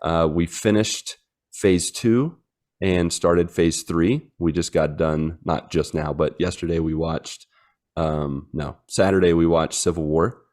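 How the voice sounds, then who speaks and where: Podcast co-host, man, 30s, very low voice, chatty storyteller with lots of fillers. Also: takes it slowly, a little mellow. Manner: rambling storyteller, many fillers, acts out his dogs in silly voices. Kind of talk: casual chat.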